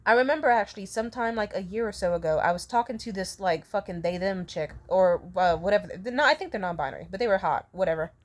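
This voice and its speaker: A woman's voice: mid-range voice, animated, fast, hardly any pauses. Young woman, casual storytime, rambling, profane, laughs often. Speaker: vlogger.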